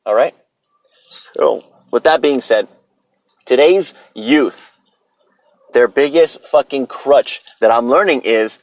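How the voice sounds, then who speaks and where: A man's voice: medium pitch, slow pace, long pauses, no echo, low-quality recording. Solo podcast host, a man in his thirties, opinionated and profane, with a dry, close sound. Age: 30s. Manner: blunt, profane, opinionated ranting.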